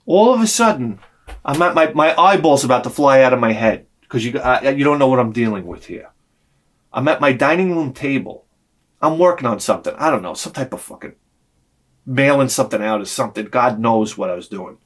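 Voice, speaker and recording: A man's voice: mid-range voice, fairly quick. A man telling a long story as a vlogger in a casual, exasperated rant full of swearing. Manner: animated, profane, exasperated.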